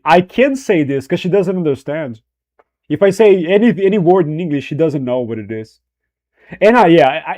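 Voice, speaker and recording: Loose, profane young streamer, slightly higher voice. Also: male voice, mellow. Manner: loose and profane, joking, reacting to chat. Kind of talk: casual livestream chat.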